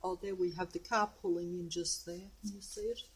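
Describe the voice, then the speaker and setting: A woman's voice: fairly low pitch, steady tone, a little fast, slight background noise. A woman rambling to the camera of her handheld phone outdoors on a residential street, chatting as she films. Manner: chatty, meandering, talks to camera and to her cat. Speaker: vlogger.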